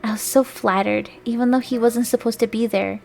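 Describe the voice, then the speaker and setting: A woman's voice: on the high side, steady tone, fairly quick, creaky, a little mellow, a little hiss or hum. Young woman streamer reading fanfic aloud. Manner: laughing asides, stumbling on names. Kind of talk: comedic dramatic reading aloud.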